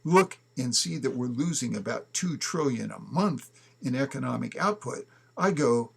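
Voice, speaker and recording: A man's voice: mid-range voice, lively intonation, normal speed, vocal fry, slightly rough. A man giving an emphatic opinion talk, often checking in with "okay?" as he argues. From United States. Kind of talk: opinion commentary to camera.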